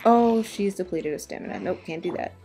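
A tired woman with a hoarse voice, chatting casually and exclaiming to herself as she plays a video game. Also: lowish voice, brisk, dark tone, faint music behind. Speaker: gaming YouTuber. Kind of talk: casual gameplay commentary.

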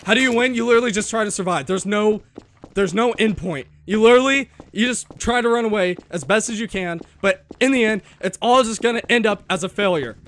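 A man's voice: high voice, a little fast, a bit bright, slight background noise. A young man streaming a horror game, talking to chat with panicky yelps and laughter. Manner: panicky, yelping exclamations, frequent laughing. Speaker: gaming streamer. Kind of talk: let's play commentary.

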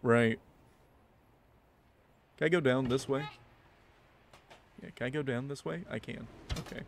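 A man's voice: mid-range voice, a little slow, creaky, a little hiss or hum. A man giving playful, slangy commentary while playing a video game, with game music behind. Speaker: gameplay commentator. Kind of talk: casual gameplay commentary.

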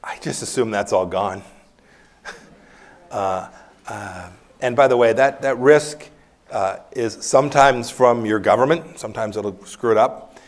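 A man's voice: fairly low pitch, a little slow. A man in his fifties, a guest speaker at a university lecture hall, answering questions candidly and telling anecdotes with bursts of laughter. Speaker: former secretary of state, guest speaker. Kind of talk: campus lecture Q&A, storytelling.

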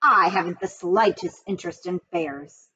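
A woman's voice: steady tone, normal speed, sharp tone, highs cut off, slight background noise. A woman voicing a greedy, grumbling male barn rat in a storybook reading. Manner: grumbling, then eager and shrill.

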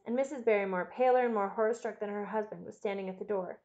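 A woman narrating a classic novel as an audiobook, in a measured, expressive storytelling manner. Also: mid-range voice, muffled recording.

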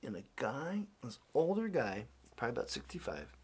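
A man telling a long, rambling personal story in a casual, animated way, with many restarts and acted-out quotes. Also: mid-range voice, a little fast, husky.

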